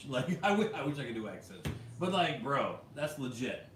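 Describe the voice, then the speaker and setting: This American vlog host reads viewer comments on a casual livestream, his higher, fairly bright voice animated and moderate in pace with few pauses. He's talkative, laughs often and uses fillers like "like" and "bro"; recorded from a distance and a bit off mic, with roomy echo and faint hum.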